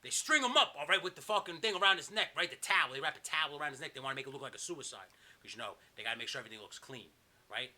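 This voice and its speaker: A man hosting a podcast, telling a wild story in an animated, profane way, acting out scenes with quick asides. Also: mid-range voice. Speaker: podcast host. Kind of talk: comedic storytelling.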